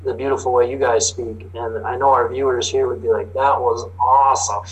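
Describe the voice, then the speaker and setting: A man's voice: medium pitch, level tone, muffled recording. A middle-aged man with a Minnesota accent, drawing out his O's as a talkative interview guest telling stories. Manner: talkative storyteller, drawn-out O's. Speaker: guest, farm machinery reporter. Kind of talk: casual interview chat.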